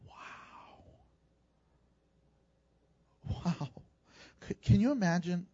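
A pastor preaches with a high, lively voice, moving between scripture readings and plain talk to his church. He is a man whose delivery stays animated throughout. The recording sounds dull and lo-fi. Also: drawn-out words. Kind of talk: sermon.

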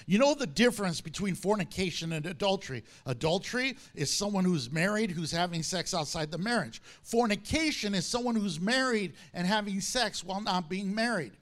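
Male pastor, high-pitched voice, animated sermon delivery with emphatic scripture readings. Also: a little fast, few pauses. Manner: animated preaching, reads scripture aloud with emphasis.

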